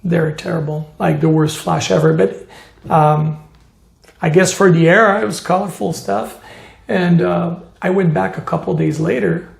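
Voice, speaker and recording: A man tells his story in an interview, his voice pitched high and deeply gravelly. He talks animatedly, slipping into the voices of the people he quotes and scattering "you know" through his sentences. The recording carries a noticeable room echo. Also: fairly even intonation, normal speed. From Montreal, Canada. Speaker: tattoo artist.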